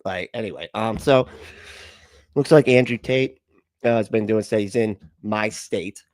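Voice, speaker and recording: Low-voiced wry male streamer. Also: unhurried, darkish tone, dry recording, studio quality. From lives in Florida. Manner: wry, rambling, laughing asides. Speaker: host. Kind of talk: casual reaction commentary.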